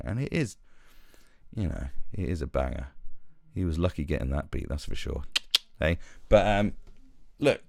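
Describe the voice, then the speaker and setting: A man's voice: extremely low pitch, very animated, brisk, gravelly, long pauses, darkish tone, no room sound, clean studio sound. A British man hosting a live stream, ranting sarcastically and mocking in casual commentary.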